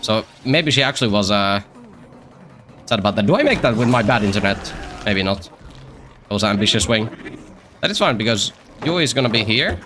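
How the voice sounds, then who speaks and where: A man's voice: on the low side, lively intonation, moderate pace, long pauses, noisy background. A man streaming a game, rambling and joking to himself and the other players as he plays. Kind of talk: casual live-stream gameplay commentary.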